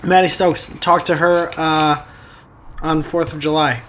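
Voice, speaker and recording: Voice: mid-range voice, flat delivery, measured pace, a bit bright, slight background noise. A podcast co-host in casual banter, teasing and goofing around with a partner. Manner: teasing, playful, goofy.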